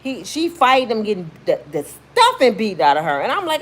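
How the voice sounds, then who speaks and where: A woman's voice: a little high, brisk. A woman vlogger telling a story in casual, emphatic commentary, slangy and blunt, acting out what people said. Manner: emphatic, animated, slangy, acts out quotes in shrieks.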